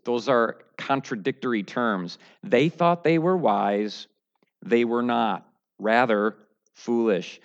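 A man preaching a verse-by-verse sermon, dropping to low, quiet musing and then rising to loud, high mocking outbursts. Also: slow pace, dull audio.

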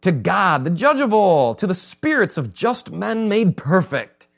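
A man who is a pastor, preaching a conversational sermon and acting out quotes with lively energy. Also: high voice, unhurried, gravelly, dull audio.

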